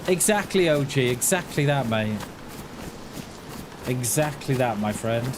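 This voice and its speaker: A man in his forties chatting casually on a gaming livestream, rambling and halting, often restarting his words and answering his viewers in a friendly way. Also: medium pitch, expressive. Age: 40s. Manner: talks back to chat in a friendly, reassuring way. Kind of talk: casual livestream chat while playing. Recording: noisy home stream recording.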